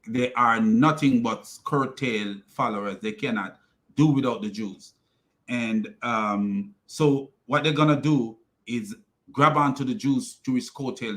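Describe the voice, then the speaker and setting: A man's voice: mid-range voice, fairly bright tone. Mocking man ranting with frequent laughter. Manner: mocking, laughs often, repeats words and phrases. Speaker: commentary channel host. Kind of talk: ranting video commentary.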